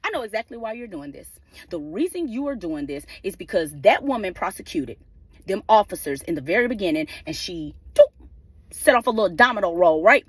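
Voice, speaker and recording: A woman's voice: medium pitch, very animated, a little fast, husky, dry recording. A woman ranting passionately in her car, swearing freely and firing off rhetorical questions. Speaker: vlogger ranting on legal news. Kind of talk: impassioned rant.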